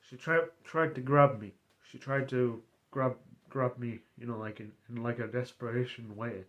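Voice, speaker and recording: A man streaming and casually retelling a roleplay story, rambling and halting as he goes. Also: medium pitch, fairly even intonation, a bit bright. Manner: rambling, halting, many fillers and restarts.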